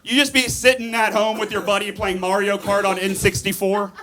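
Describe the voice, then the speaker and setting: A man in his thirties doing a stand-up comedy set on a club stage, campy and animated, with sudden high squeals on punchlines. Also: brisk, crowd noise. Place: comedy club stage before a live audience. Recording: live club recording, loud laughter. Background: loud audience laughter.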